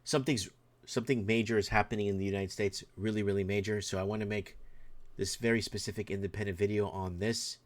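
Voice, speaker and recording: A Canadian man hosting a solo livestream, reading news items aloud and then breaking into excited, opinionated rants to his viewers in a room indoors. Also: lowish voice, fast. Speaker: show host.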